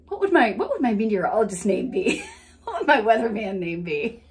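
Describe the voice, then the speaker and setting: Laughing Southern woman, lively voice. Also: mid-range voice, brisk. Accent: Southern American. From Southern United States. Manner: playful, breaks into frequent laughter. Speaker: laughter practice leader. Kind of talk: guided laughter session.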